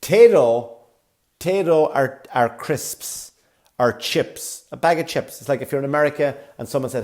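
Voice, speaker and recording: A man, a comedy podcast host from Ireland, telling a sarcastic, profane travel story with animated delivery. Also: mid-range voice, normal speed. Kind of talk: comic storytelling.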